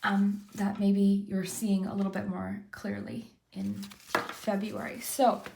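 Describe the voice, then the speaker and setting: A woman giving a monthly tarot reading in a gentle, reassuring way, often repeating her encouragement. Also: medium pitch, flat delivery, takes it slowly, vocal fry, background noise. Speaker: tarot reader.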